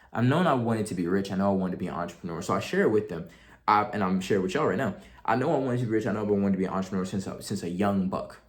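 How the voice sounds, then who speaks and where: Animated young man telling a story. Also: on the low side. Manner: animated, slangy, acts out quotes. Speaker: vlogger. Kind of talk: casual storytelling to camera.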